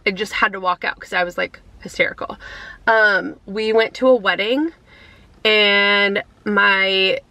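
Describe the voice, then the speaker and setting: A woman in her thirties chatting casually to camera from her car, emotional and near tears, halting with many fillers. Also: medium pitch, fairly even intonation, bright, forceful tone, no room sound, poor audio. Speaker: vlogger. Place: inside a car.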